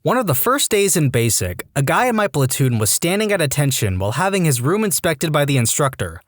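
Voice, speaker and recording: A man reading reddit stories aloud as a scripted narration. His voice sits a bit high for a man and swings widely in pitch, with a wry delivery over a close, dry recording. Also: sing-song, a little fast, no room sound. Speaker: story narrator.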